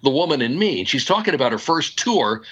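A man telling a story in casual chat, in an animated way. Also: medium pitch, fast, slightly rough.

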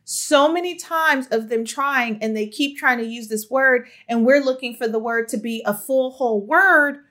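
A woman with a slightly high voice coaches parents on how their children talk. She speaks straight to her listeners, emphatic and affectionate, and her pitch rises and falls freely as she stresses a point. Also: normal speed. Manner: expressive, emphatic, affectionate direct address. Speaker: parenting educator on child speech. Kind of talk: solo podcast monologue to parents.

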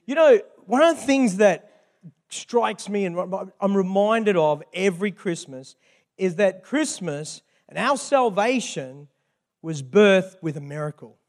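A man with an Australian accent, preaching as a guest pastor and joking with the congregation. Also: high voice. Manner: jovial, banters with the congregation. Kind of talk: sermon. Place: church hall with long reverb. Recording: echoey church hall.

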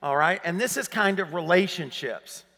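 A man in his fifties from Arkansas with a Southern accent, preaching a sermon, rising to emphatic questions and dropping low for personal stories. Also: normal speed, creaky, pushed and bright, in a large hall. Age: 50s. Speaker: pastor. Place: large church hall.

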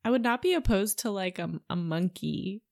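A woman co-hosting a podcast in casual chat, throwing in quick jokes. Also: medium pitch, vocal fry, a little mellow. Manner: joking, quick quips. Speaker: podcast co-host.

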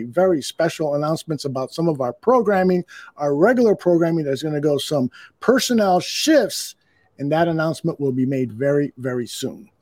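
A man's voice: on the high side, mellow, dry recording. A man hosts a casual sports podcast in a slightly raised voice. He rambles through fillers and laughs often. The mic sits close and dry. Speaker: podcast host.

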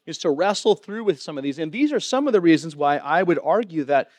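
Conversational pastor preaching a sermon. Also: male voice, on the high side, animated, brisk, no echo. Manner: conversational, asks the room questions, many fillers.

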